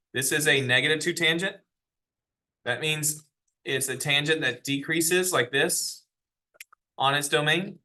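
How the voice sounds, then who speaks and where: A man's voice: medium pitch, sharp tone. A man teaching a math lesson in a classroom, explaining step by step and asking the class questions. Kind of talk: classroom lecture.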